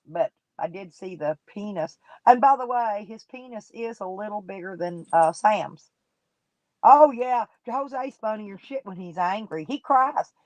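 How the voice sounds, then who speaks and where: A woman's voice: medium pitch, darkish tone, no room sound, rough recording. A woman streaming live, chatting casually with her viewers and gossiping about people in her chat in folksy, colloquial talk.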